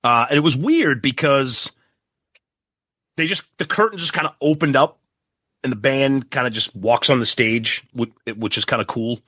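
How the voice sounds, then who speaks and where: A man with a plain mid-pitched voice, talking in a steady, matter-of-fact way. As a podcast co-host he keeps the chat moving and answers his partner with quick agreements. The sound is dry and close. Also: dry recording. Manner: steady, brisk, frequent short agreements. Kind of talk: casual chat.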